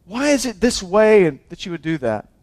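High-voiced impassioned male preacher. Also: sing-song, normal speed. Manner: impassioned, swings between loud exhortation and hushed intensity; frequent restarts and repeated words. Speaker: pastor. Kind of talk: sermon.

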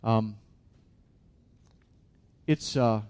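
A man's voice: lowish voice, drawn-out words, a little mellow, clean tone. A man, a pastor, preaching a sermon in an earnest, conversational way.

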